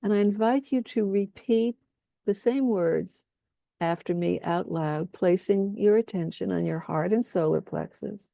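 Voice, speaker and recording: A woman leading a guided healing workshop, speaking softly and soothingly as she has the group repeat statements after her. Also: mid-range voice, unhurried, gravelly, no echo, clean studio sound. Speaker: workshop leader.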